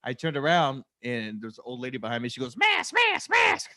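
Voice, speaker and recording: A man's voice: medium pitch, fast, a bit bright, no echo. A young man co-hosting a podcast in a studio, telling loose, joking stories in casual banter. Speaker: podcast co-host.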